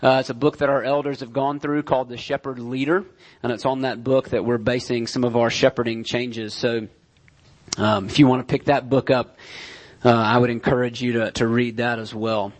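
A man, a pastor, preaching a sermon in a measured way, repeating key phrases for emphasis, with frequent "uh" fillers. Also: mid-range voice, level tone.

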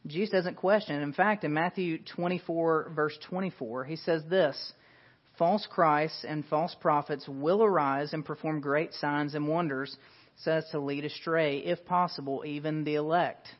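A man's voice: on the high side, steady tone, measured pace. A man preaching a sermon as pastor, earnest and emphatic, asking rhetorical questions. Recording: dull lo-fi sound.

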